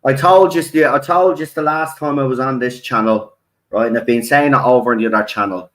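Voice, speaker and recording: A man's voice: mid-range voice, brisk, fairly bright tone, low-quality recording. An Irish man with a channel, delivering an angry, profane rant to camera and tagging "right?" onto his lines. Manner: heavy swearing, repeats "right?". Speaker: video channel host. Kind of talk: angry ranting monologue.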